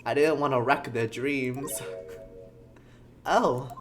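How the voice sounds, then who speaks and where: A streamer putting on a soft, sleepy drawl. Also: mid-range voice, a little slow, music in the background, pitched above the performer's own voice, natural voice. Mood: wistful. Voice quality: soft sleepy drawl, loosely New Yorker. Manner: meek, apologetic. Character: gentle soft-spoken man, shy studio actor.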